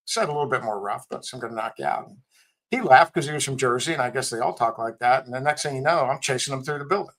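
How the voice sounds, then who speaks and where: On a rough recording, a fast-talking middle-aged man with a medium, fairly bright voice gives a casual podcast interview. The Marine veteran and tech CEO recounts candid stories in a blunt, wry way.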